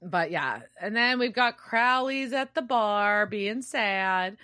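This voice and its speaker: A woman hosting a podcast, recapping a TV episode in casual chat, animated and swearing freely. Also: medium pitch, takes it slowly, no room sound, clean studio sound. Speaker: podcast host.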